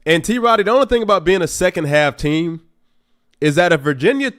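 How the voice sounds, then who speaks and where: Animated man talking over a football game. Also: high-pitched, fairly quick. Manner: animated, talks back at the game, rising to exasperated outbursts. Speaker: livestream host. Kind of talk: casual live football commentary.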